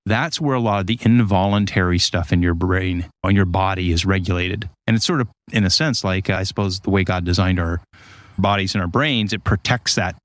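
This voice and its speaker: A man in casual conversation, explaining ideas through lively stories and acted-out quotes. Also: sits low, a little fast, no echo. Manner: animated storyteller, acts out quotes.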